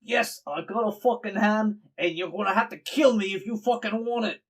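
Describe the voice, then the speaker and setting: A man voicing a fierce adult woman druid who shouts defiant threats in a tabletop game. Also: high voice, moderate pace, far from the mic, voice pushed up. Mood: defiant shouting.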